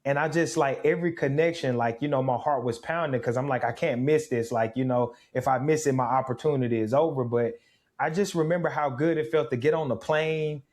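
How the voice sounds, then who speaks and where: A man in his thirties from Mississippi, a guest in an interview, telling his story with reflective, animated energy. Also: medium pitch, fairly quick. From Mississippi, USA. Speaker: guest, former pro football player.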